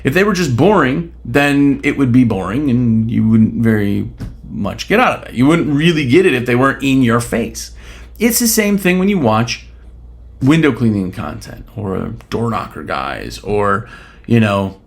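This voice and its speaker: This solo podcaster has a medium-pitched, animated voice with vocal fry and talks at a normal speed. His style is blunt and opinionated with casual swearing, and he peppers his points with rhetorical questions and frequent "right?"s.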